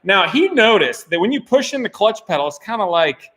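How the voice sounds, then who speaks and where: A man hosting a live stream from his workshop, chatting with his crew in an animated, joking way and laughing often. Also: high voice, fairly quick. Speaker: host of a car channel. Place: workshop garage.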